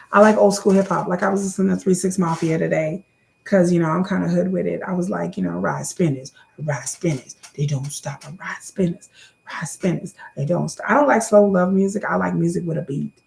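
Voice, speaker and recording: A woman's voice: on the low side, steady tone, quick pace, vocal fry. A woman in her thirties doing a casual question-and-answer vlog to camera, chatty, often repeating words and calling viewers y'all.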